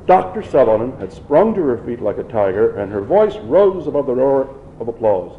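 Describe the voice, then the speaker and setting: A man narrates an audiobook in a steady, measured way. His voice sits at an ordinary middle pitch. The recording is dull and lo-fi.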